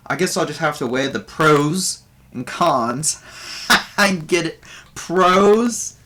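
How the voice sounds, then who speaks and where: A man's voice: a little high, lively intonation, bright, forceful tone, pitched above the performer's own voice, full character voice. A man voicing a lanky male bugbear stand-up comedian who tells corny puns and waits for laughs. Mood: jokey. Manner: chummy, hammy joke delivery with pauses for laughs.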